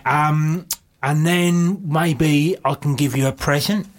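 A man playing a husky-voiced, lecherous, cheap wooer in an improvised comedy role-play, calling everyone "my darling". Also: on the high side, slow pace. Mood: flirting. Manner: deadpan innuendo, calls everyone my darling. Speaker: comedy host character.

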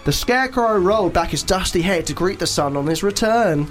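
Giggly man with a high lively voice. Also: brisk, soft background music. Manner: playful, giggly. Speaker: radio co-host. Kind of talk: casual radio banter and storytelling.

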